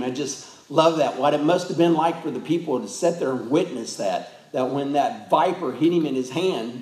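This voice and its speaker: A man's voice: on the high side, a little mellow. Fervent preaching man, echoey church. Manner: fervent preaching, frequent calls of amen. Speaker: pastor. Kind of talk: sermon.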